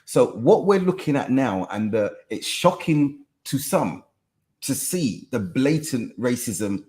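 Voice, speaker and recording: A middle-aged man co-hosting a podcast, speaking in a measured, reflective way and weighing his words. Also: mid-range voice, very animated, darkish tone. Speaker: podcast co-host. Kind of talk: reflective discussion. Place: podcast studio.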